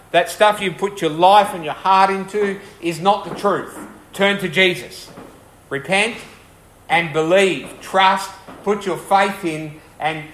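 A pastor preaches with a voice slightly higher than most men's and a fairly bright tone, speaking earnestly and conversationally while often asking the congregation questions. The sound echoes through a church hall, with a little hiss or hum.

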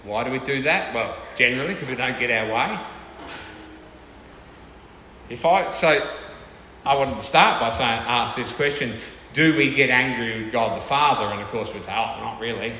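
Bright-voiced male preacher in an echoey hall. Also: mid-range voice, moderate pace, slight background noise. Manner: conversational, checks in with the audience often. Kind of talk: sermon. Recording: echoey hall with faint ambience.

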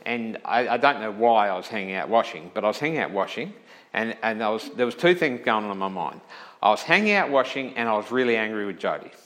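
A man's voice: on the low side, expressive, quick pace, a bit bright, low-quality recording. Man preaching a conversational sermon. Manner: checks in with listeners often; self-correcting, thinking aloud. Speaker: pastor.

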